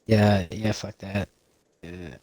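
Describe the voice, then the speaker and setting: A man's voice: low-pitched, steady tone, takes it slowly, a little mellow, dry recording. A man co-hosting a podcast in casual chat, rambling freely, swearing often and laughing a lot. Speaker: podcast co-host.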